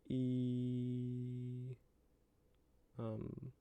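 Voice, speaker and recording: Male streamer, unhurried and muttering, with a raspy edge; halting self-talk. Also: mid-range voice, monotone, narrow, tinny audio. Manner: halting, muttering to himself, many restarts. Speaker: streamer building a character. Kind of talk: musing aloud while looking things up.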